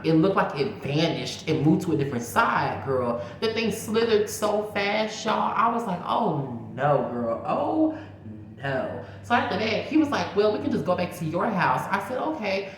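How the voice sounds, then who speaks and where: A woman, a vlogger telling a story in a casual, animated, profane way, talking straight to her viewers. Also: sits low, slight background noise. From Mississippi. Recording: very echoey room.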